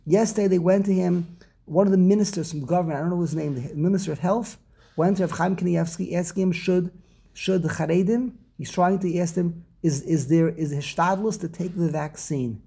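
A man's voice: sits high, fairly quick, gravelly, dark tone, husky. A man teaching a religious text study class, rambling and often repeating words and restarting his sentences.

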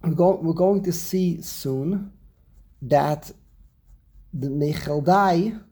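A man teaching an informal Torah class, explaining slowly and often repeating and restarting his words. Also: fairly high pitch, warm tone, slightly rough.

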